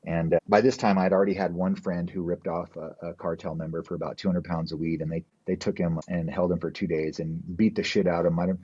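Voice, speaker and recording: Deep, husky man telling a rambling story. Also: flat delivery, fast talker, few pauses, dark tone. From New Mexico, US. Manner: rambling, profane, fills with "like" and "you know"; acts out quoted people in his story. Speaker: podcast guest. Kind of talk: casual storytelling. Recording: slightly dull, muffled podcast audio.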